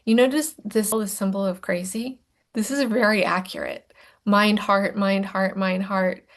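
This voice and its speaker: In a recorded lesson about emotions, a woman coaches with playful self-mockery, sometimes sinking into a soft whisper to stress a point. Her medium-pitched voice stays steady and unhurried.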